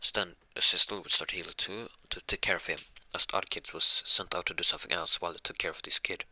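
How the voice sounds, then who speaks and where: A man's voice: low voice, steady tone, quick pace, sharp tone, slight background noise. A man improvising a fan-made story, rambling with frequent restarts and fillers. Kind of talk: improvised fan-fiction retelling.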